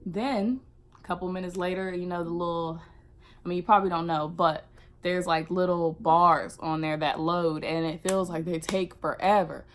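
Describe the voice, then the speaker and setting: A young woman shares a casual storytime on her vlog. Her voice sits a little low, and she tells it in an animated way, acting out the lines of the people in her story. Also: moderate pace. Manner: animated, acts out quotes. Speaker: vlogger.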